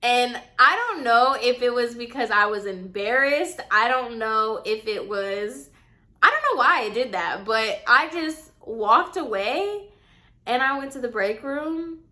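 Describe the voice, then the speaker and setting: A young woman with a bright, high-leaning voice tells a storytime to the camera in an animated, chatty way. She calls her viewers y'all and acts out the quotes. Her delivery is casual, like talking with friends. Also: a little slow. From Puerto Rican heritage. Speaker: vlogger.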